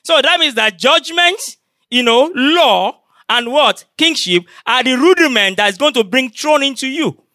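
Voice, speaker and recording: A man's voice: very high voice, animated, a little slow, sharp tone, dry recording, clean studio sound. A man preaching a sermon to his congregation, throwing rhetorical questions at them and repeating his key phrases.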